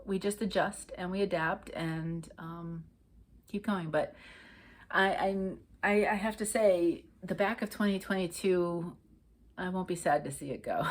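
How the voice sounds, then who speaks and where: A middle-aged woman from Connecticut hosts her own cross-stitch video and talks straight to camera. Her voice sits low and has a husky grain. She rambles along casually, full of fillers and restarts. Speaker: cross-stitch vlog host. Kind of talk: casual chat.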